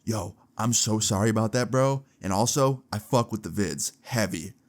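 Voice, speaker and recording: A man's voice: fairly low pitch, normal speed, lightly acted. A man quoting a laid-back, apologetic young guy who talks in easygoing slang.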